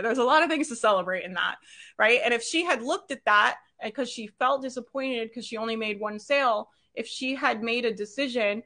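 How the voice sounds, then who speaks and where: A woman's voice: a little high, fairly quick, pushed and bright. A woman business coach giving a live training, upbeat and chatty, laughing often and checking in with "right?".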